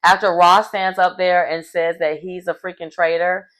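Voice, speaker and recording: A woman recapping a reality show episode in casual chat, animated and acting out what people said. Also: on the low side, moderate pace, low-quality recording. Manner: animated storyteller acting out quotes.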